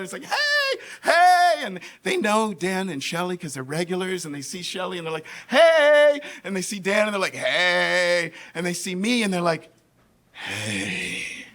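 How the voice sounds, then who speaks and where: This high-voiced New Yorker, accent and all, performs a comedic personal tale on stage with plenty of energy. Tossing "right?" at the audience again and again, he livens up each quoted character with a distinct voice.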